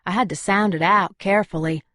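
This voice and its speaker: A woman's voice: medium pitch, steady tone, a little fast, pushed and bright, dry recording, studio quality. A woman narrating a first-person audiobook in a wry, conversational way.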